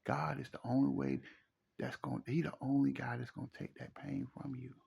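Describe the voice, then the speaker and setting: A middle-aged man with a gravelly edge to his voice. He talks at a middle pitch, preaching relationship advice in a casual, emphatic way. He often repeats his phrases as he drives a point home. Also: little pitch movement, fairly quick, dark tone. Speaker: relationship commentator.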